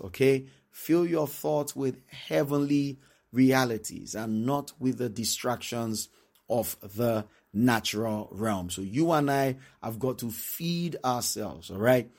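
A man preaching a sermon, reading scripture slowly and breaking into quick acted-out asides. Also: mid-range voice, vocal fry, darkish tone. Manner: reads scripture slowly, then talks fast with many asides.

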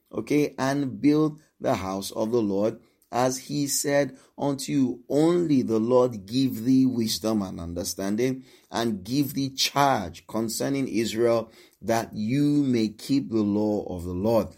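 A man's voice: mid-range voice, slow pace, a little mellow. A man preaching a sermon, reading scripture and emphatically repeating encouragements to his listeners. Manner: emphatic, repeats exhortations, shifts pace.

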